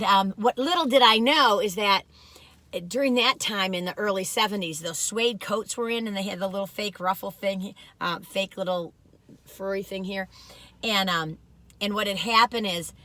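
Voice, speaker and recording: A woman in her sixties chats into the camera in a loose, wandering way, circling back with ums and restarts as she goes. Her voice has a bright, forward tone. She pokes fun at herself in little asides between her food ratings. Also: mid-range voice, moderate pace. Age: 60s. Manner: chatty, wandering, lots of fillers and restarts; self-deprecating, joking asides. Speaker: food review vlogger. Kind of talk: rambling casual storytelling.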